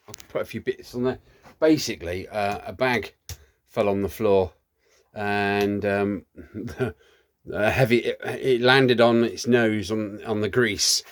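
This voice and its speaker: A man's voice: fairly low pitch, fairly even intonation, takes it slowly. A man, chatting casually and rambling with cheeky asides while he works in his home workshop. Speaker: workshop vlogger. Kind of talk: casual chat while working.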